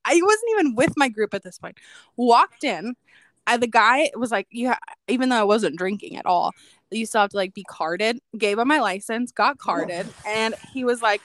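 A woman's voice: fairly high pitch, animated, normal speed, fairly bright tone, no room sound. A young woman co-hosting a podcast, telling a personal story in a casual chat with a lot of "like" fillers. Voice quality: says "like" a lot, chatty and reflective. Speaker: podcast co-host.

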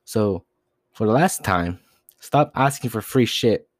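A young man rants on his own podcast, swearing constantly and rambling from one grievance to the next. His voice sits fairly low and the sound is dry and close, with no room around it. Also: animated, slow pace, dry recording. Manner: profane, agitated, rambling with frequent "dude". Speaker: podcast host. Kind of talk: solo rant.

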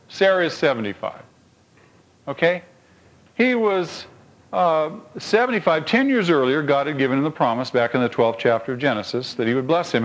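A male pastor delivering a sermon in a high, lively voice that climbs on emphatic lines and drops low for quiet asides. He talks in a storytelling way and keeps putting rhetorical questions to his listeners. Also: low-quality recording.

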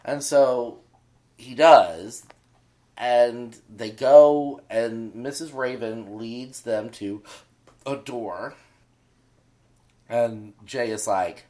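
A man co-hosting a casual podcast chat, telling stories in an animated way and acting out characters' lines. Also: medium pitch, extremely slow, pauses often. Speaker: podcast co-host.

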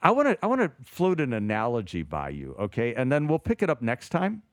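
A man co-hosting a casual theology talk show, animated and thinking aloud with frequent restarts. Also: medium pitch, a little fast, dry recording, clean studio sound. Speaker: podcast co-host, theologian.

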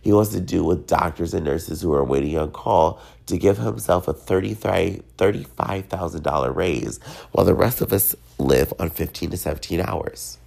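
Podcast host, male, very low gravelly voice, stuffed-up and tipsy, rambling solo rant. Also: normal speed, darkish tone. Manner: rambling, loose and meandering. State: congested, sick; drunk.

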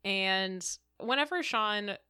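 A woman's voice: mid-range voice, slow, bright, forceful tone, smooth, dry recording, clean studio sound. Woman co-host, chatty, says like a lot, laughs, mid voice. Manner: chatty, laughs often, many "like" fillers. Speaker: podcast co-host. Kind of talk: casual chat.

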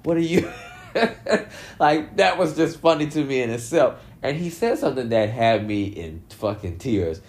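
A man's voice: mid-range voice, measured pace. A man giving casual commentary, swearing freely and breaking into laughter often as he talks. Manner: laughs often, profane, animated. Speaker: commentary vlogger.

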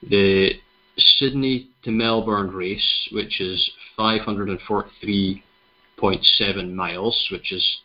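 A Scottish man hosting a podcast, chatting casually and telling a story with a relaxed, rambling manner. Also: fairly low pitch, takes it slowly. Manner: relaxed, chatty, many fillers. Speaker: podcast host. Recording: dull lo-fi recording.

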